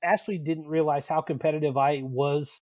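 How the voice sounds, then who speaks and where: A man with a slightly raised voice swaps profane, animated stories in casual sports banter. His audio sounds dull and lo-fi. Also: a little high, normal speed, dry recording. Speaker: podcast co-host; youth sports dad and coach.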